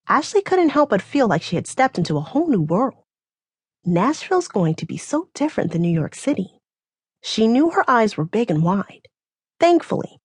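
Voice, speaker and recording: A woman reads a novel aloud as an audiobook narrator. Her voice rises and falls a great deal as she tells the story, with an expressive delivery. The recording is close and dry, with no room sound. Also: on the high side, husky, dry recording. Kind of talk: scripted narration.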